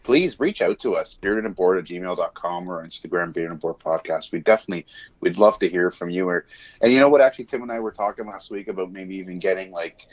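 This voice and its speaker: A man with a fairly low voice co-hosts a casual podcast. He is upbeat, laughs often and swears casually. His audio sounds dull and lo-fi. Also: quick pace. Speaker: podcast co-host.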